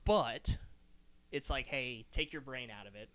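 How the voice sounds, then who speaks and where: Casual podcast guy with a bright tone, rambling, full of "like, right?". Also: mid-range voice, measured pace. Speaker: podcast co-host. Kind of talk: casual chat.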